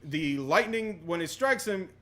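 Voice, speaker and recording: A young man hosting a podcast in casual chat, excitable and full of "yo", often restarting his sentences. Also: high voice, measured pace. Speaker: podcast host.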